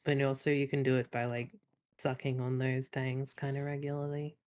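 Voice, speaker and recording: A guest on a voice call who chats casually in a blunt, deadpan way and makes crude jokes. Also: mid-range voice, moderate pace, slight background noise. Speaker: guest on voice chat. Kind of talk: casual chat.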